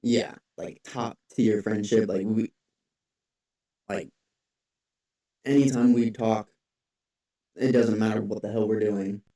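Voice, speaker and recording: A man's voice: on the low side, steady tone, slow pace, long pauses, warm tone. A young man co-hosting a podcast in casual chat, rambling with lots of "like" and restarts. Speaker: podcast co-host. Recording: echoey room, far from the mic.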